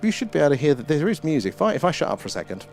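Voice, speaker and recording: A man's voice: fairly high pitch, big pitch swings, rapid-fire, darkish tone. A British man hosting a casual live stream, chatting, greeting viewers by name and swearing mildly. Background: faint ambient music.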